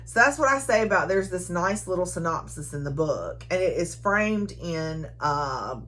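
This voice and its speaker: A woman casually recapping a novel, chatty and quick to laugh. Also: on the low side, very animated, fairly bright tone. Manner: chatty, giggly, frequent laughter. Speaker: book reviewer.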